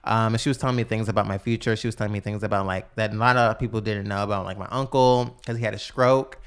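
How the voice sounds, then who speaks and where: A podcast guest telling stories in casual, slangy chat, acting out quotes with big jumps in pitch. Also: fairly even intonation, quick pace, clean tone.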